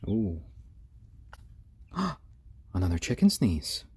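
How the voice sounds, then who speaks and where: A man hosting a casual live stream, talking softly and fondly to baby chicks, with relaxed, halting speech full of fillers. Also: low voice, breathy edge, no room sound. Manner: soft, fond cooing to baby birds. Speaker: live-stream host showing pet chicks.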